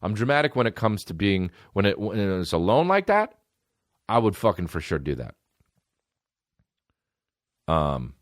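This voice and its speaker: A man's voice: lowish voice, moderate pace, pauses often, no room sound, clean studio sound. A man hosting a podcast, telling rambling, profane childhood stories in a casual comedic monologue. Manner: rambling, profane, animated storytelling. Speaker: podcast host.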